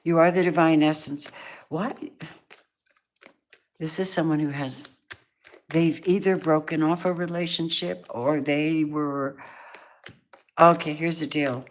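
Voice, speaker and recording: A woman's voice: low voice, steady tone, unhurried, pauses often. A middle-aged woman doing a casual, chatty tarot reading, laughing often and acting out the people she sees in the cards. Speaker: tarot reader.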